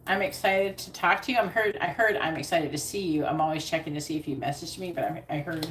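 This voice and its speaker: A woman's voice: on the low side, quick pace, fairly bright tone. Woman psychic on a live stream, repeats the same questions over and over, roomy echo. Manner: repetitive chanting of questions, casual asides. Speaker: psychic reader. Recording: echoey room with background noise.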